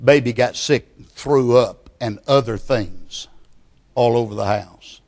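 A man preaching a sermon, speaking slowly and emphatically and building to loud passion. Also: medium pitch, vocal fry.

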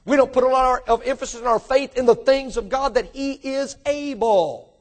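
A man preaching a sermon to his congregation, emphatic and direct, asking them questions and rising into animated bursts. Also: very high voice, normal speed. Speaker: pastor.

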